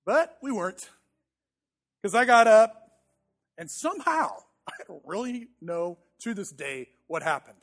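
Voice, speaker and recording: A man's voice: sits high, animated, a little slow, pauses often. A man in his thirties preaching a sermon as a pastor, telling a personal story in a conversational, self-deprecating way and often repeating words as he goes.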